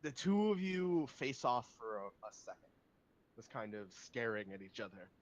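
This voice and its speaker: A man's voice: medium pitch, sing-song, moderate pace, a little hiss or hum. A man narrating a tabletop game as game master, hesitant and full of fillers. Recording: dull lo-fi recording.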